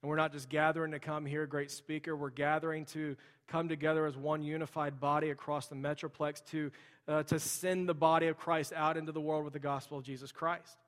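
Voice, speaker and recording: A man's voice: a little high, little pitch movement, brisk, a bit bright. A young adult man, a pastor, preaching a sermon in a conversational way with casual asides, in a large church sanctuary. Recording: long hall reverb.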